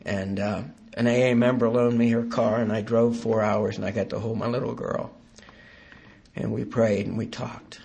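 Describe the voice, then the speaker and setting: Gravelly man telling his story. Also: fairly low pitch, flat delivery, darkish tone. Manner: halting, earnest, dry self-deprecating humor. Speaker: recovery meeting speaker. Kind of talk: personal testimony talk.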